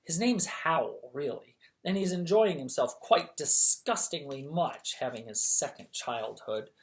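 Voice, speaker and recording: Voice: medium pitch, expressive. A reader doing a no-nonsense young woman. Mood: brisk. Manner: brisk, scolding.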